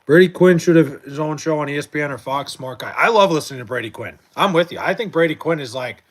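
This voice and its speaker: Talking quickly in a slightly high voice, a young livestream host reads chat late at night at home. The sports chatter is casual and crude, wandering along with frequent restarts and fillers.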